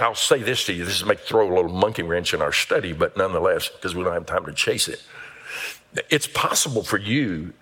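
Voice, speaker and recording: A middle-aged pastor delivers an animated sermon, slipping into character voices for the people in his stories. His voice is bright and forward yet sits low, with a slightly rough edge.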